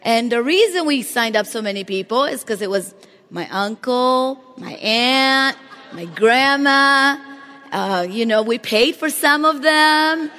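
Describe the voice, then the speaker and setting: A woman giving an energetic motivational speech on stage, talking straight to the audience and asking them questions. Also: high-pitched, takes it slowly, faint music behind. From Latin America. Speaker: motivational speaker at a company event. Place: large hall on stage. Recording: long hall reverb.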